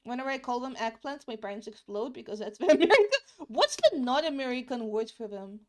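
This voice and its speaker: A woman's voice: on the high side, lively intonation, fairly quick, a little mellow. A young woman streaming as she draws, chatting in a rambling way. She repeats herself and swears casually, and English is not her first language. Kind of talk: casual chat while drawing.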